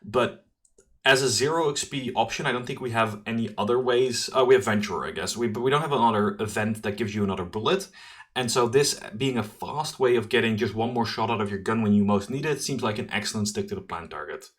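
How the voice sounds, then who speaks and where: A man hosting a card game preview, talking through new cards in an enthusiastic, chatty commentary with quick asides and self-corrections. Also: on the low side, fairly bright tone. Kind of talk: solo card review commentary.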